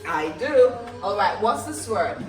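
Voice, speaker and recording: A woman teaching a lively phonics lesson to children, upbeat and coaxing call-and-response answers. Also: medium pitch, measured pace, music in the background. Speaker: reading teacher. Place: classroom. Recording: echoey classroom from far off.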